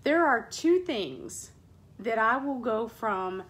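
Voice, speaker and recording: A woman hosting a casual chat show, talking in an animated, dramatic way and acting out scenes in high squeals. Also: slow pace. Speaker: podcast host.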